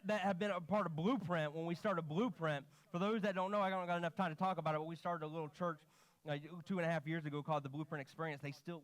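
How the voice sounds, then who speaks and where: A man preaching in a church, telling stories with animation and quoting people in his own voice. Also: a little high. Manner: animated storytelling, quoting himself and others. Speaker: pastor. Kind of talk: sermon. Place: church sanctuary.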